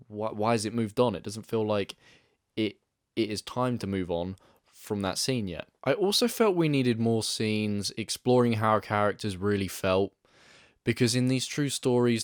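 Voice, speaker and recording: A man's voice: lowish voice, clean tone, no room sound, clean studio sound. A man talking through a movie review in a casual, rambling way, often correcting himself mid-sentence. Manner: chatty, rambling, frequent self-corrections. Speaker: film reviewer.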